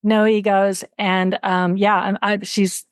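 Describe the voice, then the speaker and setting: A woman hosting a podcast interview, telling stories in quick run-on bursts and acting out what others said. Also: mid-range voice, smooth, no room sound, studio quality. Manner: animated storyteller who acts out quotes; fast, run-on talk with restarts. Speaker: podcast host. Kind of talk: casual interview chat.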